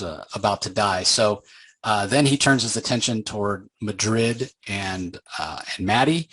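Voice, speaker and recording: A man casually recapping a comic book series as its reviewer, rambling and pausing often to fill gaps with small hesitations. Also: fairly low pitch, a bit bright, breathy edge, no room sound, rough recording. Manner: rambling, with frequent filler pauses.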